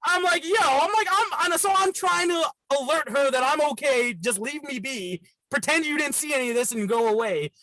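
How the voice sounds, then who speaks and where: A man's voice: very high-pitched, animated, normal speed, few pauses, pushed and bright, no echo, rough recording. A young man from Canada, a podcast guest, telling a story in a chatty way, full of fillers like "like" and acting out the voices of the people in it. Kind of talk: casual storytelling.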